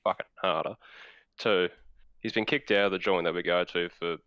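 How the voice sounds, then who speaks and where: A man's voice: deep voice, steady tone, moderate pace, a bit bright, no room sound, rough recording. A young Australian man hosting a podcast, telling stories in a blunt, laid-back way and swearing a lot. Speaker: podcast host. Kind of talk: casual storytelling.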